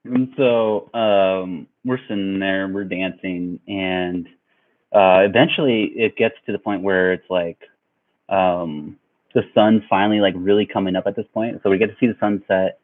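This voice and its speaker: Laid-back low-voiced young man rambling. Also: fairly even intonation, moderate pace. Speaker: vlogger. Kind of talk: casual storytelling. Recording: tinny phone-like sound.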